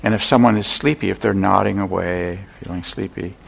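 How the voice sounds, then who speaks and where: An older man giving a dharma talk as a meditation teacher, an unhurried storyteller who pauses often. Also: sits low, fairly even intonation, gravelly. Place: meditation center hall.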